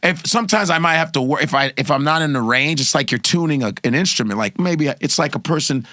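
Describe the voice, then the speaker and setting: A man's voice: fairly high pitch, animated, fast talker, sharp tone, no echo, clean studio sound. A man who does impressions, chatting casually in a loose, profane, rambling way. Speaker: comedian and impressionist. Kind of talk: casual chat.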